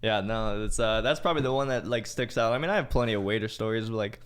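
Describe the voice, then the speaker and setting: A young man tells a long story on a podcast in a loose, profane, rambling way, filling it with "like"s. His voice is smooth and clear and sits a little low. His talk is casual and unpolished. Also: quick pace, fairly bright tone. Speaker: podcast co-host.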